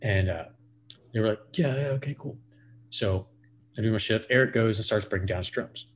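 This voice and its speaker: Low-voiced man telling a rambling story. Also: fairly even intonation, brisk, slight background noise. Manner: rambling and profane, with many "like" fillers. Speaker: podcast guest, musician. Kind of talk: casual storytelling.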